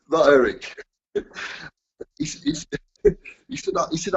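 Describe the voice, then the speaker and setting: A man from England, sharing his recovery story with a group in a halting way, often repeating words and chuckling. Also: a little high, sing-song, creaky, husky, lo-fi sound. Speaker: recovery speaker. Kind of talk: personal testimony to a group.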